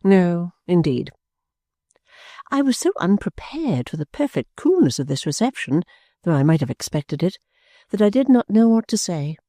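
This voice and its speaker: A woman narrating a classic novel in the first person with measured, clear storytelling. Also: medium pitch, very animated, dark tone, no room sound, clean studio sound. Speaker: audiobook narrator.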